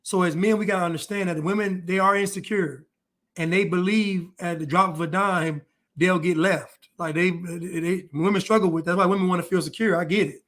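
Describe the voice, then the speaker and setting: High-voiced man lecturing on relationships. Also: fairly even intonation, a little fast, a bit bright. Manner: preachy, lecturing. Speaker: commentator. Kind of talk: reaction commentary.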